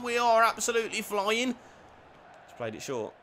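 A young man giving lively commentary over a football video game, dropping to quiet play-by-play and bursting into shouted cheers. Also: sits high, moderate pace, a little hiss or hum. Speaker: gaming YouTuber.

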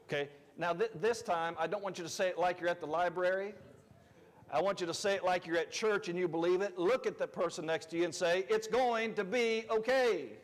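Man, pastor, sermon, high voice, conversational preaching, loud bursts and soft asides, long church reverb. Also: fairly even intonation, fairly quick. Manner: conversational preaching with sudden shifts between loud emphasis and quiet asides. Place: church sanctuary.

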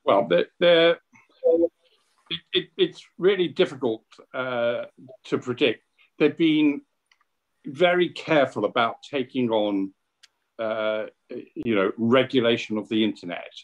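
A man's voice: medium pitch, slow pace, highs cut off. Opinionated British man with many fillers. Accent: British English. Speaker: essay contributor at book launch. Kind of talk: online panel discussion.

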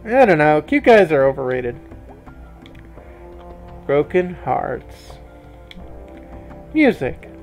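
A man reading a game's dialogue aloud in a let's play, voicing the characters, his pitch jumping high on questions. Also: sing-song, slow pace, long pauses, a little mellow, faint music behind. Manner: switches between many character voices, often jumping high for questions.

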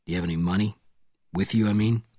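A man reading an audiobook, voicing a controlled male spy who speaks quietly and curtly. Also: fairly even intonation, quick pace, dry recording, clean studio sound. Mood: calm. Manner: quiet, low and clipped.

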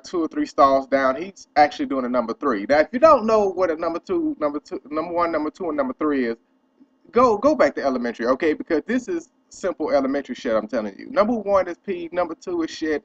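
Profane, animated young man ranting on lo-fi audio. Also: on the high side. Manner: profane, animated storytelling rant. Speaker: vlogger. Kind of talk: casual ranting vlog.

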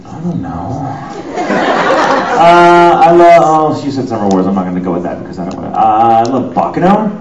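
A man speaking as a voice actor on a convention panel, telling stories with animated, laughing delivery. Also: medium pitch, normal speed, over a noisy crowd. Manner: animated storyteller, laughs often. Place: hotel convention panel room. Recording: echoey hall, distant, noisy.

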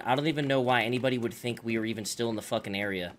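A man's voice: mid-range voice, very fast, hardly any pauses, a little hiss or hum. A man streaming a survival game, chatting casually with teammates in profane, exasperated bursts. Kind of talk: casual gaming chat with teammates.

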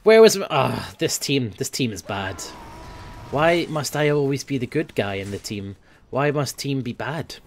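A young man giving casual gameplay commentary, swearing often and grumbling at his team, quick to flare up. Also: medium pitch, expressive. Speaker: gaming video host.

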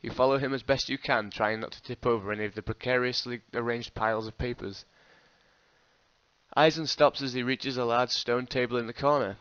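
Man, mid-pitch, reading a text adventure aloud for his channel. Expressive, with laughing asides. Dry, dull lo-fi sound. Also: brisk, clear, resonant tone, no room sound. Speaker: host. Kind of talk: reading an interactive fiction game aloud. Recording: dull lo-fi recording.

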